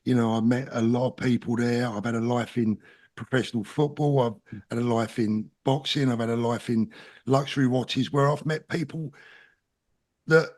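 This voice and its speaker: A man's voice: medium pitch, fairly even intonation, moderate pace, darkish tone. A middle-aged man with a South London accent, a guest talking in an interview in an earnest, plain-spoken and emphatic way. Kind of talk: casual interview talk.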